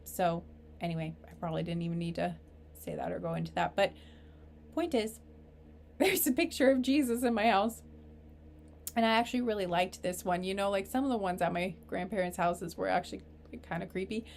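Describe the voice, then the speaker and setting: A woman giving a casual tarot reading, rambling and halting, earnest and openly emotional. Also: lowish voice, gravelly, darkish tone, a little hiss or hum. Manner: rambling, halting, full of fillers and restarts. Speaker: tarot reader. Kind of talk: casual spiritual reading to camera.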